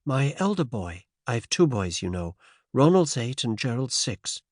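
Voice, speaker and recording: A man's voice: medium pitch, sing-song, a little slow, dry recording, clean studio sound, pitched above the performer's own voice. A man reading the part of a determined, worried American woman of about thirty in an audiobook. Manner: earnest, worried pleading.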